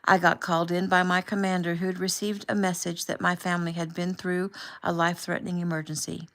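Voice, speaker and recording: Woman voicing a soft-spoken young soldier. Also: fairly low pitch, level tone, brisk. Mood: gentle. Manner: soft, quiet, affectionate. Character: young man, soldier on deployment, tender.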